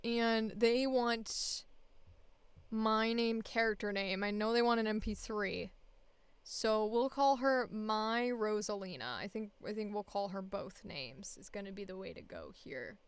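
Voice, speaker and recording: A woman's voice: medium pitch, measured pace, clean tone, no echo. A woman voice actor talking casually to herself while recording audition takes, frank and chatty. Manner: frank, chatty, self-critical.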